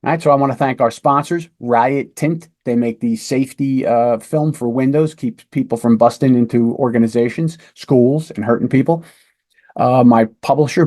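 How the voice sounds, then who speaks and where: A man's voice: medium pitch, mellow. A man, a police lieutenant hosting a podcast, telling a case story to teach an interview technique, conversational and emphatic. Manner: conversational, emphatic, asks "right?". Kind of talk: instructional storytelling.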